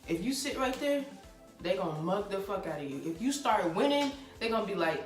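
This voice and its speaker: A young woman tells a wild story in a casual, slangy way, swearing and breaking into laughter as she goes. Her voice is picked up from a distance in an echoey room, with soft music underneath. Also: mid-range voice, fairly quick. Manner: animated, laughing, slangy and profane. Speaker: vlogger telling a story. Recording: roomy sound from a distant mic with faint music.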